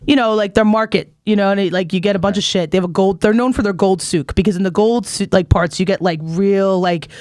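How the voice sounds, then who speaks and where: Woman comic, rapid-fire rambling profane storyteller, dry close mic. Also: mid-range voice, steady tone, darkish tone, no room sound. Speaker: comedian guest. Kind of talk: casual podcast chat.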